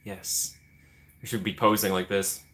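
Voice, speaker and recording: A man's voice: sits low, level tone, a little slow, a bit bright. A young man with a Midwestern American accent hosting a livestream, chatting playfully with viewers and greeting them by name. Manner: playful, chatty, reads and answers chat. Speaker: livestream host. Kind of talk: casual chat with live viewers.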